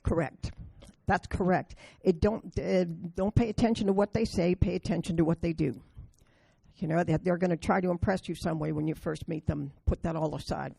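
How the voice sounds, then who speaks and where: Woman, meeting speaker: mellow, raspy, blunt storyteller. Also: on the low side, moderate pace, dry recording. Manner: blunt, storytelling, self-deprecating. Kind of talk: recovery meeting talk with stories.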